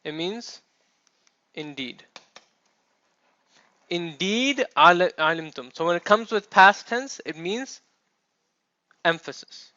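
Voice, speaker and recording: A man's voice: sits high, animated, slow pace, long pauses, sharp tone, no echo. A man teaching a classroom lecture, explaining step by step and checking in with his students. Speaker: Arabic teacher. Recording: dull, dry classroom recording.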